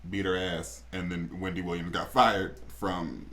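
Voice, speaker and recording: A man's voice: low voice, level tone, a little slow, a bit bright. A man co-hosting a casual gossip podcast, chatty and opinionated. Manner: chatty, opinionated, quotes celebrities in mocking voices. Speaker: podcast co-host.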